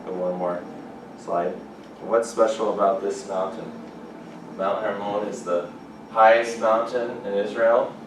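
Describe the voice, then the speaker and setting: A man giving a lively chapel sermon, rising often to excited exclamations, recorded from a distance in a large chapel. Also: fairly low pitch, unhurried. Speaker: chapel speaker. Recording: echoey hall from far off, background noise.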